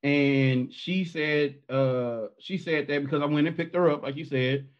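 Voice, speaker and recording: A man guesting on his sister's podcast who tells rambling, animated stories and laughs as he talks. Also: a little high, a little slow, muffled recording. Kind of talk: casual storytelling.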